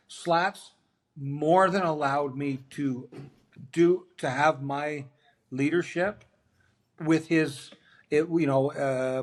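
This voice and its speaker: A former hockey player, appearing as a guest in a casual interview, tells animated locker-room stories. His voice is mid-range, and he acts out the quoted dialogue as he goes.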